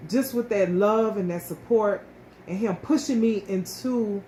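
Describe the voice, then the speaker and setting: Woman sharing her story, emotional and animated, restarts a lot, roomy echo with a faint hiss. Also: medium pitch, measured pace. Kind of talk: casual personal storytelling. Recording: echoey room with faint ambient noise.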